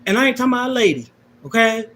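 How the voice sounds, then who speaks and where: A woman's voice: a little high, sing-song, racing, a bit bright, a little hiss or hum. Emphatic middle-aged grandmother preaching to viewers. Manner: emphatic, preachy, repeats key points. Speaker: livestream host. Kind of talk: emotional personal talk to viewers.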